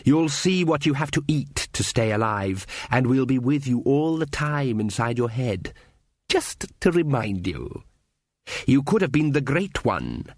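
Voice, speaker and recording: A man reading an audiobook voices a cruel elf queen in a low, cold, threatening manner. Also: very animated, unhurried, dry recording, studio quality. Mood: cold menace. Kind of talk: audiobook character voice.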